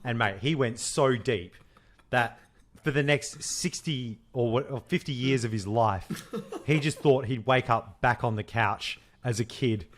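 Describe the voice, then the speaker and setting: A young man co-hosting a casual podcast. His voice sits at an ordinary middle pitch. He tells jokes with animation and laughs often as he talks. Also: unhurried. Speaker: podcast co-host. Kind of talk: casual chat.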